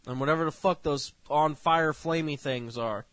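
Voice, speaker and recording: A man co-hosting a casual review chat, swearing a lot and bursting into loud rants. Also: fairly high pitch, moderate pace, dry recording. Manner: profane, ranting, loud outbursts. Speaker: co-host.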